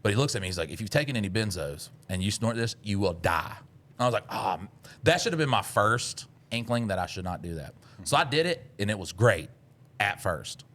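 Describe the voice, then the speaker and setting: A man, co-hosting a podcast, telling a story in casual chat, swearing a lot and jumping into loud voices when he quotes himself. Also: on the low side, very animated, a little fast. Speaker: podcast co-host.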